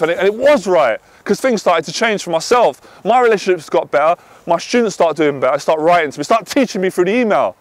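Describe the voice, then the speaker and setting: A man coaching on dating, talking intensely, swearing and then calming himself down. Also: sits high, fast, hardly any pauses, no echo. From half Irish. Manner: intense, swears, swings from loud to quiet. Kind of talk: passionate monologue to camera.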